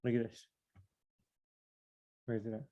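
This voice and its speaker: A man's voice: mid-range voice, monotone, unhurried, dark tone, dull audio. A man leading a casual Bible study, rambling and asking himself questions as he reads. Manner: rambling, thinks aloud and asks himself questions; repeats phrases, many fillers.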